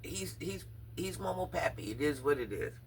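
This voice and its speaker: A man's voice: fairly high pitch, big pitch swings, normal speed, vocal fry, recorded from a distance, slight background noise. A man giving incredulous, mocking drama commentary on a livestreamer, talking straight to his viewers.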